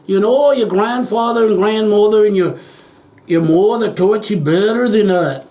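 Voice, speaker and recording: A man's voice: sits high, normal speed, a little mellow. An older man recounting childhood memories in an oral history interview, acting out the voices of people he quotes and chuckling as he goes.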